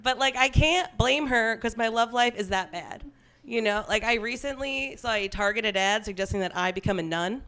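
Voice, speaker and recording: A young stand-up comedian from Long Island works a club crowd with a slightly high voice. She talks in a loose, chatty way, mocks herself and laughs along at her own jokes. She holds a stage mic. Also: normal speed, sharp tone.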